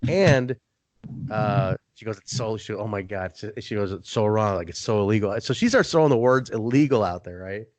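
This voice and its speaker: A man's voice: lowish voice, expressive, normal speed, darkish tone, no room sound. A young man hosting a casual podcast, swearing loosely and acting out both sides of his own stories. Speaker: podcast host.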